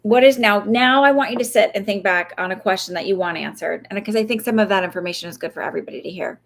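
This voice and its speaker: A woman's voice: medium pitch, fast, vocal fry. A woman psychic medium giving casual advice, chatty and rambling, who swears and laughs easily and acts out little voices. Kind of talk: casual live-stream advice talk.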